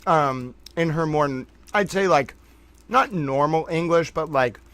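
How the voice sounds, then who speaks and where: A man's voice: a little high, animated, measured pace, a bit bright, clear, resonant tone. A man hosting a casual livestream, playful and mock-dramatic, often breaking into laughter. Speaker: livestream host.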